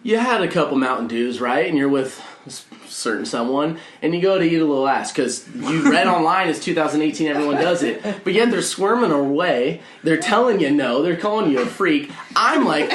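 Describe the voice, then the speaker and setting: Young guy hosting a podcast, crude jokey banter, lots of laughing, lively up-and-down voice, echoey room with hiss. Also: a little high, brisk. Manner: crude joking, laughs often. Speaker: podcast host. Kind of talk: casual banter.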